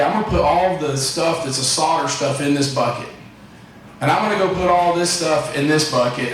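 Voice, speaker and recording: A man's voice: fairly high pitch, fairly bright tone, slight background noise. A man giving a rambling, folksy motivational talk to his staff as company president. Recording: echoey room, distant mic.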